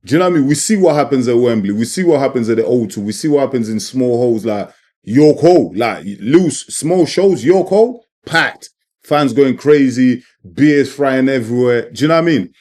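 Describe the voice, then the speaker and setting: A man's voice: mid-range voice, lively intonation, normal speed, a little mellow. A man giving emphatic, opinionated boxing commentary on his channel, often repeating his points and tagging lines with "man" and "you know what I mean". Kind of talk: opinionated sports commentary vlog.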